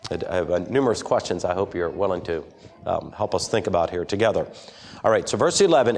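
A man's voice: low-pitched, animated, quick pace, darkish tone. A man preaching an interactive sermon to a congregation, asking them questions and reading scripture aloud. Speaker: pastor.

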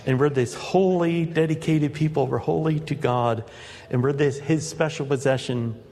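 A man's voice: fairly high pitch, normal speed, dark tone, in a large hall. A man preaching a sermon to his congregation in an earnest manner, building to emphatic peaks.

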